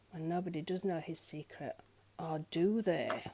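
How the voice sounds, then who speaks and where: A woman reading a children's picture book aloud in an expressive storyteller's manner. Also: deep voice, a little slow, breathy edge. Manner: expressive, lilting.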